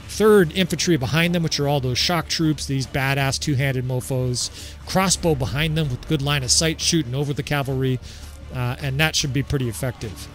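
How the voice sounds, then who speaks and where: A man giving casual, excitable gameplay commentary as he sets up a battle, swearing freely and laughing often. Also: mid-range voice.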